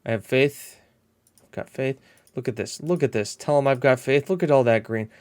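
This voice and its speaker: A man talks loosely over a game he is playing, trailing off and restarting his thoughts. His voice sits at an ordinary middle pitch. When play turns tense, he jumps into quick, excited calls. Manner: chatty and rambling, excitable bursts at match action. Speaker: gameplay commentator. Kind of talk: casual let's-play commentary.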